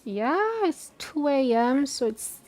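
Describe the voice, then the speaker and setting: A woman's voice: high voice, slow pace, darkish tone. A woman hosting a live-stream watch party, chatting casually and answering viewer questions aloud. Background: faint background music.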